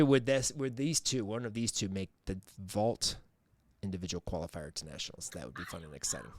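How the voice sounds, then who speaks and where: A man's voice: low-pitched, brisk, no echo. A man co-hosting a sports podcast in casual chat, rambling with many fillers and restarts. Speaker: podcast co-host.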